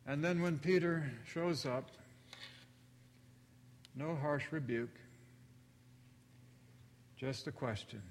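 Male pastor, slow deliberate sermon, fairly high voice, long hall reverb. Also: a little hiss or hum. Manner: slow, deliberate storytelling with acted-out quotes.

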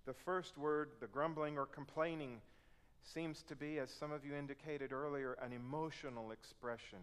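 A man's voice: fairly high pitch, fairly even intonation, normal speed, clean tone. A man preaching a sermon, reading scripture and explaining it earnestly, acting out complaints in a raised voice. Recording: long hall reverb.

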